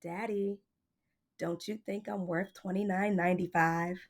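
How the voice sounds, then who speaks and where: A woman's voice: fairly low pitch, fairly even intonation, measured pace. A woman voicing a small girl in a storybook, whiny and teary as she pleads with her father. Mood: quiet, pleading. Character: little girl, small, sulky then sweet.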